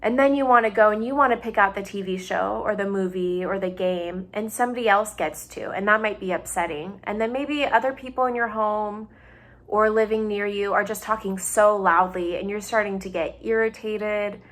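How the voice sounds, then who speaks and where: A young woman speaking from her home, talking patiently to children and families. Her voice sits at an ordinary middle pitch, and she keeps her words simple and her examples everyday. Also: steady tone, normal speed, fairly bright tone. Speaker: doctoral student in psychology. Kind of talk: gentle explanatory talk for families.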